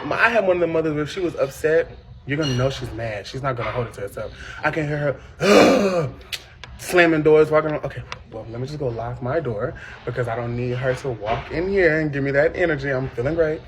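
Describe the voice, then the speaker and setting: A man telling a dramatic story over dinner in a loud, animated way, acting out the people in it. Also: a little high, noisy background. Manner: dramatic, loud, laughing, acts out other people. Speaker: podcast co-host. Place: restaurant during a meal.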